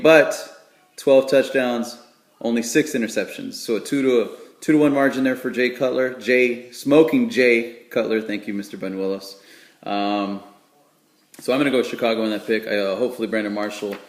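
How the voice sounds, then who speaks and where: Man rambling through sports picks, echoey. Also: medium pitch. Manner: rambling, joking, many fillers. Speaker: sports vlogger making game picks. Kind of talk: casual chat. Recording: echoey room.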